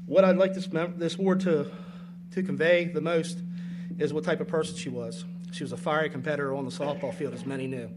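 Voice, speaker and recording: A middle-aged father giving an emotional award speech at a banquet, halting with many fillers. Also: fairly high pitch, steady tone, background noise. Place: banquet hall.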